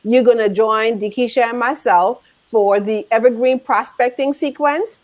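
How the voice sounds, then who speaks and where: A woman's voice: a little high, moderate pace. Bubbly woman live-stream host. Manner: bubbly, laughs often. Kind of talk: casual live-stream chat.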